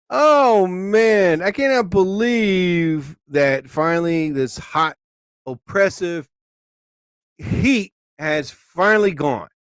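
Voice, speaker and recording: A man hosting his own live stream in a loose, rambling way, with quick flashes of frustration and swearing. His voice sits fairly high, and the recording is dry and close. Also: lively intonation, clean tone, no room sound. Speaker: live show host.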